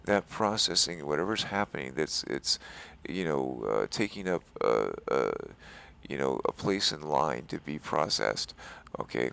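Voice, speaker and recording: A man with a very low, gravelly voice hosts a game settings tutorial. He sounds exasperated and rambling, repeating that he's staying chill and calling the viewer "dude.". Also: very animated, measured pace, a bit bright. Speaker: gaming tutorial host. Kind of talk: screen-recorded game settings walkthrough.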